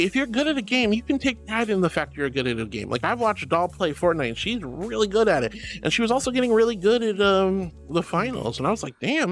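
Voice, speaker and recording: A woman streams while chatting casually and reading viewers' messages aloud. Her voice swings between soft, low musing and high, excited squeals.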